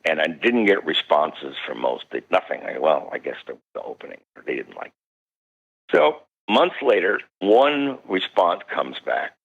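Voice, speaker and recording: A man being interviewed as a guest parapsychologist, telling stories animatedly with sudden jumps in pitch. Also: sing-song, measured pace, gravelly, breathy edge. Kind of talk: recounting stories in a radio interview. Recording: dull lo-fi radio call.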